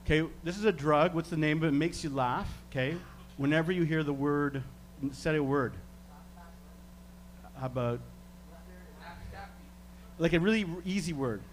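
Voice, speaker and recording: A man from Canada, working as a stage hypnotist, giving slow, soothing suggestions and chuckling between them. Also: on the high side, slight background noise. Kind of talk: live hypnosis demonstration.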